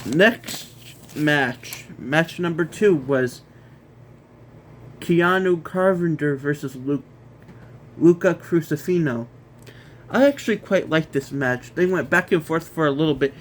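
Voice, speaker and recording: A man's voice: fairly high pitch, takes it slowly, a little hiss or hum. A man hosting a casual wrestling review, ranting in an exasperated way, repeating himself and stumbling over restarts.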